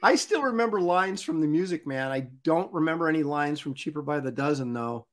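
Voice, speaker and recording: A man's voice: a little high, lively intonation, fairly quick. A man hosting a casual live talk show, teasing his guest and reading out viewer comments. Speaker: host reading chat comments.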